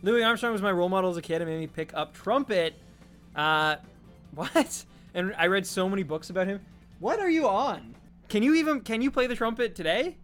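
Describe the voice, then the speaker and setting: High-voiced man chatting on stream. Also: very animated, fairly quick, fairly bright tone, soft background music. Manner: rambling, jokey, answers chat. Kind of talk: casual livestream chat.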